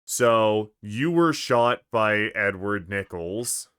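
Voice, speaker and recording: Man, game streamer, casual commentary, hesitant musing, bright tone. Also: on the low side, animated, slow, clean tone, no echo, clean studio sound. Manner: musing, thinking aloud, hesitant.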